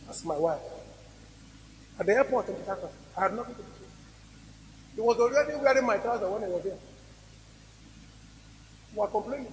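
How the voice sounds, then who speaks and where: A man preaching a sermon as pastor, swinging between loud emphatic rises and quiet drops. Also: sits high, expressive, a little fast, long pauses, a little hiss or hum. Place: church hall. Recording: reverberant church hall recording.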